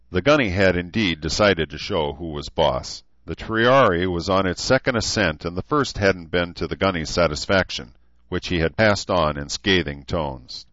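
A man reading an audiobook in a steady, measured way, on a dull, dry recording. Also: deep voice, no echo. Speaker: audiobook narrator. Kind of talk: scripted narration.

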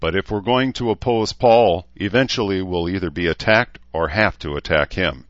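A man's voice: sits low, moderate pace, dry recording, lo-fi sound, close to an everyday voice. A man reading an audiobook, voicing a practical, level-headed young man in a slightly raised voice. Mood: thoughtful.

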